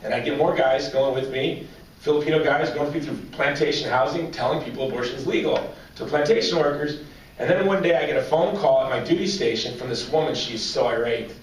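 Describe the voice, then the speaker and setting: A man's voice: medium pitch, fairly quick. Joking man in an echoey hall. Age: 40s. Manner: joking, animated storyteller drawing audience laughs. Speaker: banquet speaker. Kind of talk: humorous personal storytelling speech. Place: large banquet hall with audience. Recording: echoey hall, distant mic, faint noise.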